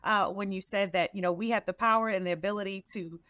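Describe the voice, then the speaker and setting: A woman's voice: medium pitch, fairly even intonation, quick pace, fairly bright tone, dry recording. A woman hosting an interview, affirming her guest's story with small fillers. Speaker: host. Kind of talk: interview host reaction.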